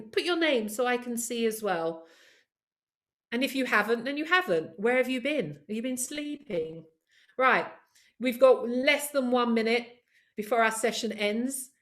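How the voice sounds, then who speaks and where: A woman presenting a live online training session over a video call, lively and encouraging, talking straight to her attendees. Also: a little high, moderate pace. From of Caribbean heritage. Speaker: workshop presenter.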